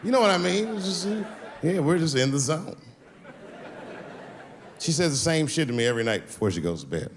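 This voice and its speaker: A man's voice: fairly high pitch, sing-song, brisk, pauses often, slight background noise. A man doing stand-up comedy, telling a laid-back story and acting out the other voices in it. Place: comedy stage with live audience.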